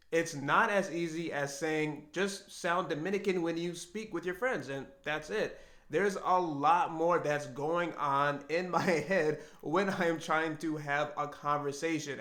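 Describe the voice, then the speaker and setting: A man's voice: a little high, fairly bright tone, echoey room. A man hosting his own channel, talking candidly and reflectively to camera from home about his doubts. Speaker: language learner and channel host. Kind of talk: solo talk to camera.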